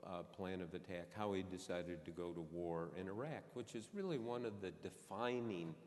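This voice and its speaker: A man on a forum panel telling an anecdote to a live audience, slow and halting, pausing and restarting as he goes. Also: deep voice, a little mellow. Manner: slow, halting storyteller who pauses and restarts. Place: stage in a large auditorium. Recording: echoey hall reverb.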